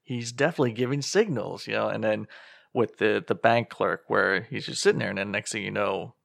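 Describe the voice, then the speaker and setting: A man's voice: fairly low pitch, brisk, gravelly, fairly bright tone, dry recording, clean studio sound. A man in casual podcast talk about a film, rambling through his points and acting out lines from the scenes. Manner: rambling, acts out quotes with a laugh. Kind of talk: casual movie discussion.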